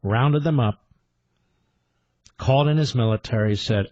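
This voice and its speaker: A man's voice: mid-range voice, moderate pace, darkish tone, no echo, highs cut off. A man hosting a combative political talk radio show, indignant and emphatic, firing rhetorical questions and repeating his points.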